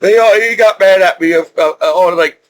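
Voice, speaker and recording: A man's voice: high voice, normal speed, a little hiss or hum. A middle-aged man telling a rambling story about his own past, with many restarts and laughs. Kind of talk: casual storytelling.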